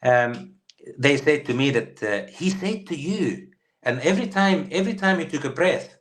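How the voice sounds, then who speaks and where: A man's voice: medium pitch, expressive, moderate pace, a bit bright. A Finnish man in his fifties, a former footballer, telling rambling stories in an interview with many fillers and restarts. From Finland. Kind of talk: storytelling interview.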